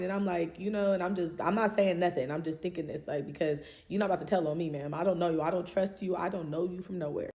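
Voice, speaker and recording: Lady telling a crazy story time, kinda low voice, cussing, super animated. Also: fast, hardly any pauses, roomy sound. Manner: profane, animated, slangy. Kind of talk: casual storytime.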